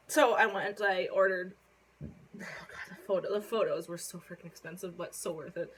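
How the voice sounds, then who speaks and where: A young woman from Canada telling a casual story on her phone vlog, rambling with lots of fillers and casual swearing while she hiccups and keeps clearing her throat. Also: mid-range voice, fairly bright tone, low-quality recording. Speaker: vlogger.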